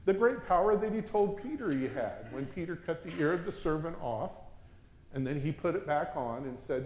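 A man delivering a sermon, his somewhat high voice rising to loud, urgent exhortation and then dropping to a hushed, reverent murmur. The room gives his voice a noticeable echo. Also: expressive, moderate pace, slight background noise. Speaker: preacher.

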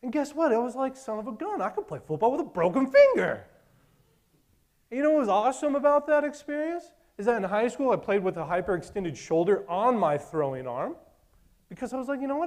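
A man in his late twenties preaching a sermon, telling stories in an animated way and acting out his own past thoughts. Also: very high voice, brisk. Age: 20s.

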